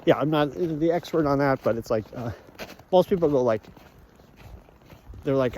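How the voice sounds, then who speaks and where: A man vlogs while walking outdoors in a rural area, rambling and joking with plenty of fillers in a chatty walk-and-talk monologue. His voice is mid-range and darkish, moderately paced with frequent pauses, and there's slight background noise.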